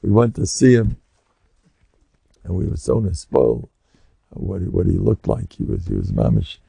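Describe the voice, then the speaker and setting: An older rabbi with an American accent delivers a Torah lecture to a room of listeners. His voice is mellow and gravelly, and his pitch swoops widely as he acts out his stories. The sound is dry and close. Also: normal speed, dry recording. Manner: animated storyteller who acts out scenes.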